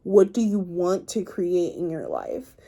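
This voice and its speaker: Tarot reader, woman, warm low-key tone, chatty and reassuring, addresses the viewer directly. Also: sing-song, a little slow, vocal fry. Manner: chatty, encouraging, talks straight to the viewer; loose and playful, says "like" and "y'all". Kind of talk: casual spiritual card reading to camera.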